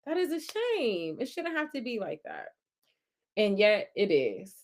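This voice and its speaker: A woman's voice: medium pitch, a little slow. A young adult woman, hosting a casual live-stream chat and cheering on commenters as she reads them. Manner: animated, affirming, hypes up commenters. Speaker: podcast host reading live chat.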